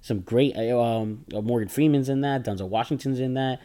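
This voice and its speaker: A man of middle pitch talks through films in a loose, joking chat. He rambles and circles back over his own words as he goes. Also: a little fast, mellow. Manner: rambling and joking, often repeats himself. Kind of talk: casual movie chat.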